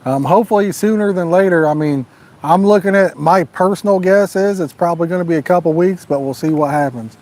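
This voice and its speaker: A man's voice: high voice, brisk, a little mellow. A man hosting a live fishing stream outdoors at night, reading out viewer comments in a folksy, joking, laid-back way. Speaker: fishing channel host.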